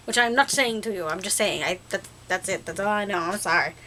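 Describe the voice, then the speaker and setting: A woman's voice: medium pitch, brisk, hardly any pauses, bright, forceful tone. A young woman vlogging to her viewers, chatty and rambling, laughing often. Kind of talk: casual talk to camera.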